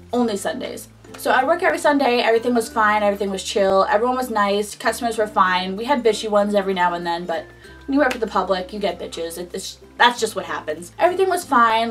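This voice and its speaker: Speaking in a mid-range voice from a distant mic, a young adult vlogger casually tells a personal story. She's chatty and animated, using "like" frequently.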